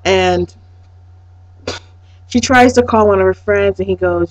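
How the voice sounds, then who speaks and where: Woman, casual episode-recap vlogger, excitable and profane, medium pitch, dry close sound. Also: unhurried, dry recording, rough recording. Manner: excitable and profane, swinging between hushed and loud.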